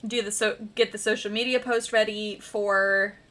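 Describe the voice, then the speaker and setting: A woman's voice: mid-range voice, steady tone, moderate pace, sharp tone. A young woman from the American Midwest with a slight Midwestern accent, chatting casually and rambling on a livestream while she edits her book. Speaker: author livestreaming her editing.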